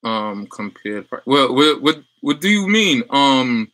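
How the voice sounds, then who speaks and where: A man's voice: medium pitch, big pitch swings, takes it slowly, a bit bright, no room sound. A young adult man chatting loosely on a livestream as a business coach, full of fillers and restarts while reading viewer comments.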